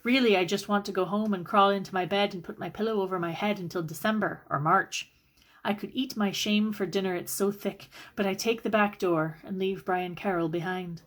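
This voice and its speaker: A woman reading a first-person novel aloud for a library book club, narrating in a steady way. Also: medium pitch, a little fast. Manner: steady first-person narration, rising sharply in quoted arguments.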